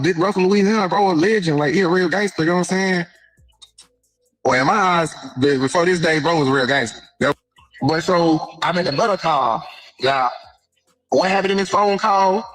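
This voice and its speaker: A man's voice: on the high side, a bit bright, no echo, rough recording. A man in an interview clip telling a story in casual street slang, acting out what people said and often checking in with his listener. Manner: slangy, keeps repeating a filler question and acting out dialogue. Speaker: interview guest.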